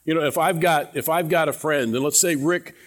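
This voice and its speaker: A male pastor delivers a sermon to his congregation in a fairly high voice. He talks conversationally, repeats words as he goes, and sinks into hushed, low tones to drive his points home. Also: a little fast. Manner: earnest preaching, drops to quiet low tones for emphasis. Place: church with a congregation.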